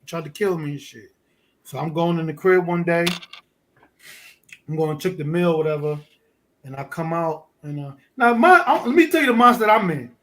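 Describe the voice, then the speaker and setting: New man, a bit high-voiced, a guest spinning a gritty story with lots of energy. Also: moderate pace, a little hiss or hum. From Fort Greene, Brooklyn. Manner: animated, profane street storytelling. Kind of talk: casual storytelling.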